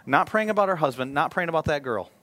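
A male pastor preaching a sermon, swinging from loud emphatic appeals to a hushed, prayerful tone. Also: fairly high pitch, expressive, fast.

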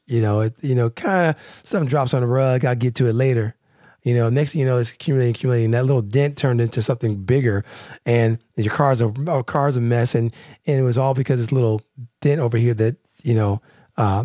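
A man's voice: mid-range voice, dark tone, no room sound, clean studio sound. A man hosting a casual talk on relationships, speaking in a rambling, conversational way with lots of fillers and restarts. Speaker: podcast host.

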